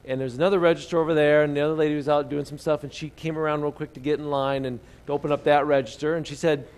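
A man preaching a sermon in a relaxed, conversational storytelling way, often asking his listeners questions. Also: on the high side, fast talker, smooth.

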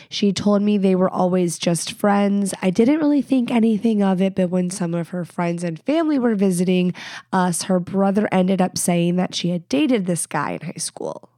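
A woman's voice: mid-range voice, mellow, dry recording. Congested woman in her thirties hosting a podcast, blunt and candid, dry close mic. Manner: blunt, candid, quick asides. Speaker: podcast host. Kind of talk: casual advice chat.

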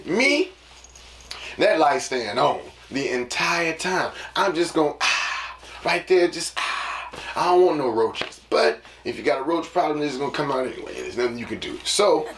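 A man's voice: a little high, a bit bright. A man hosting a casual solo podcast, rambling and preachy, often tagging lines with "you know what I'm saying.". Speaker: podcast host. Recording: roomy, distant mic with noise.

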